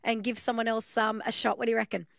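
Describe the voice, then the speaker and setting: A woman's voice: fairly high pitch, level tone, fast talker, vocal fry, no echo, clean studio sound. A woman with an Australian accent hosting a radio call-in, upbeat and encouraging with her callers. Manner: upbeat, encouraging, laughs often. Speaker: radio host.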